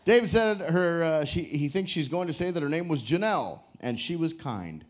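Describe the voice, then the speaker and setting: A man hosting a live couples game show on a cruise ship stage. His voice sits fairly high and leaps around with energy as he jokes, teases the players and calls on the audience to cheer. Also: animated, normal speed. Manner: joking, teasing, hypes the crowd.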